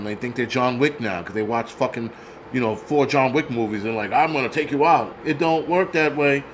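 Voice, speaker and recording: A man hosting his own channel rants bluntly and profanely in casual commentary, restarting his sentences many times. His voice is medium-pitched, and there's a little hiss or hum in the recording.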